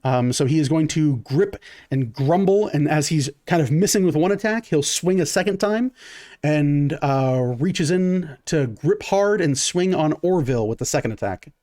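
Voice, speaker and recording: A man's voice: a little high, expressive, moderate pace, a little mellow. A man running a tabletop game as game master, narrating casually with lots of fillers and counting out dice rolls.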